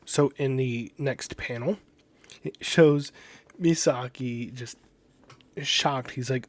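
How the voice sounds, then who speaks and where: A man casually talking through manga panels one by one and paraphrasing the characters' lines in a halting, chatty way. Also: mid-range voice, dry recording. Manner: casual, halting, many restarts and fillers, paraphrases dialogue loosely. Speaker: manga translator and commentator.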